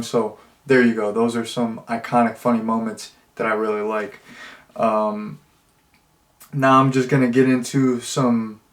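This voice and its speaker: A man talks through a film review in a loose, unscripted way, circling back and restarting as he goes. His voice sits at an everyday middle pitch. He sounds keen, and he acts out quoted lines now and then. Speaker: movie reviewer. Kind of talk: casual spoken movie review.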